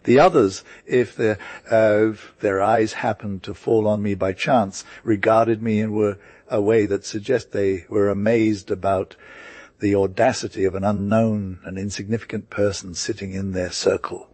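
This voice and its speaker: A man with a fairly low voice reads a novel aloud at a steady pace. He stumbles and restarts now and then, and the recording is dry and close. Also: normal speed, no echo. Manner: steady reading with occasional slips and restarts. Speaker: narrator. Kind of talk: audiobook reading.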